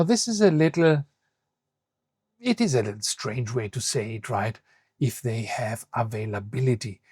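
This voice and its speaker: A male language teacher with a gravelly, slightly husky voice explains a lesson in a patient, step-by-step way. He reads each phrase aloud, translates it and then unpacks the grammar. The recording is dry, with no room echo. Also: mid-range voice, darkish tone.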